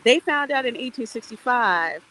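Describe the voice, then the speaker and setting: A woman hosting a casual, educational walking livestream, chatty and animated as she greets viewers. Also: on the high side, moderate pace, a little hiss or hum, poor audio. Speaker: livestream host.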